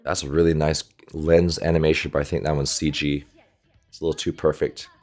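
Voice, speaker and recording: A very deep-voiced man chats casually while reacting to an anime episode. He keeps pointing out small animation details, and faint music plays behind him. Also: level tone, a little fast. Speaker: volleyball coach reacting to anime. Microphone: desktop USB microphone.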